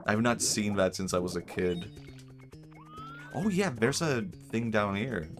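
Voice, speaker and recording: A man's voice: lowish voice, sing-song, measured pace. A man streaming a game, joking and thinking aloud in casual rambling commentary. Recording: game music behind. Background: game music.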